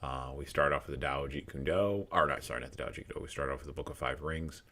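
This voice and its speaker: A man's voice: very deep voice, quick pace, creaky, pushed and bright. A man hosting a podcast interview, wrapping up with many hesitant ums and uhs. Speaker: podcast host.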